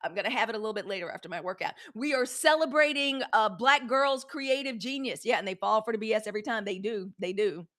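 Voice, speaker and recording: A woman with a slightly high, fairly bright voice talks quickly, barely pausing. She hosts a live news show and addresses her chat viewers in a casual, blunt way, swearing often.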